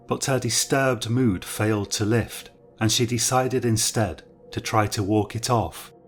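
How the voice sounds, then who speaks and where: Low-voiced male horror narrator.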